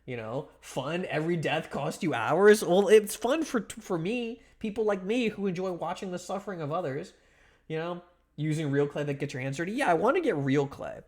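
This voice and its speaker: Playful young male streamer, slightly high voice. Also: lively intonation, fairly quick. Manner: playful, teasing, rambling with frequent restarts and laughs. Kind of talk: casual livestream chat while sculpting.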